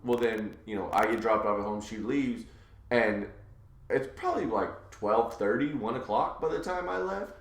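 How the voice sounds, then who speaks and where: A man's voice: on the low side, moderate pace. A male podcast host in casual chat, telling a story in a crude, teasing, joking way. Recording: echoey room.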